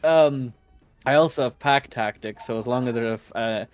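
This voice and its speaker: A man's voice: medium pitch, moderate pace, soft background music. A man playing a tabletop game, talking casually with giggles and frequent swearing. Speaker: player.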